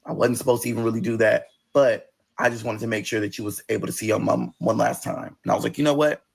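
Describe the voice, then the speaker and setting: A man telling a personal story in a casual vlog, animated and profane, acting out the other people's voices. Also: mid-range voice, fast talker, creaky, husky. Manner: animated, swears often, acts out voices. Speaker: vlogger.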